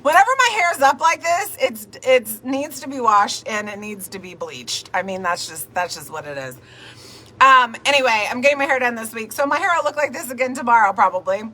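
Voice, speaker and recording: A woman's voice: fairly high pitch, animated, a little fast, pushed and bright. A young woman hosting a casual livestream, reading viewer comments aloud in a bubbly, repetitive way while tired from an early start. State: tired, up since the middle of the night. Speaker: host of a livestream. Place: home in Texas.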